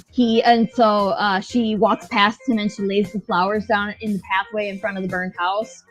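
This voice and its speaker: A woman's voice: mid-range voice, low-quality recording. A woman co-hosting a podcast, recapping a show in casual, blunt, profane, joking chat. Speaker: podcast co-host.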